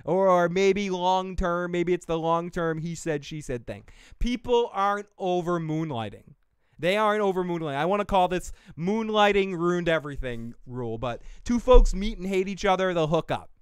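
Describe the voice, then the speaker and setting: Brief: male streamer host, loose and profane, smooth clear voice on the higher side. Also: expressive, moderate pace, dry recording, clean studio sound. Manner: profane and rambling, laughing often. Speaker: show host. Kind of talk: casual livestream chat. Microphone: desk mic.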